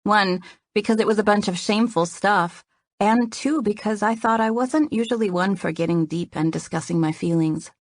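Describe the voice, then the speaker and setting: A woman narrating a first-person romance audiobook in a measured, gentle storytelling manner. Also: medium pitch, no room sound.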